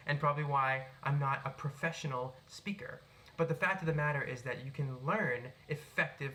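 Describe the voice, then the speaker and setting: Bright, projecting young man from Boston. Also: medium pitch, a little hiss or hum. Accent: neutral American, Boston traces. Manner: projected, animated delivery. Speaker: self-help speaker. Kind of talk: unscripted tips video. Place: his apartment. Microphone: cell phone, no microphone.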